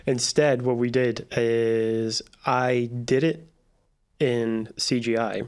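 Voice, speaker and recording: A man's voice: mid-range voice, steady tone, slow, clean tone. A filmmaker guest explaining how his film's effects were made, in rambling casual chat with many restarts. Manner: rambling, restarts often, laughs while talking.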